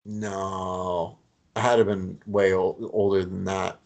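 A man's voice: sits low, flat delivery, takes it slowly, creaky, a little mellow. A man co-hosting a casual podcast, speaking hesitantly with frequent ums and restarts. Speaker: podcast co-host.

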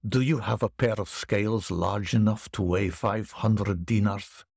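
A man voicing a vengeful man disguised as a foreign stranger, speaking calmly and formally. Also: lowish voice, a little slow, creaky, breathy edge, no echo, clean studio sound, heavily acted.

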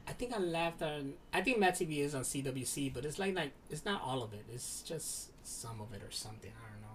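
A man chatting casually, animated and full of fillers, now and then swearing. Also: fairly high pitch, fairly quick, distant mic, slight background noise. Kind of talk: casual chat.

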